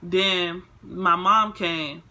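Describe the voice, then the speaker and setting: A woman's voice: on the low side, very slow. A young woman vlogger telling a storytime in a casual, rambling way, full of fillers. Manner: rambling, filler-heavy, animated retelling.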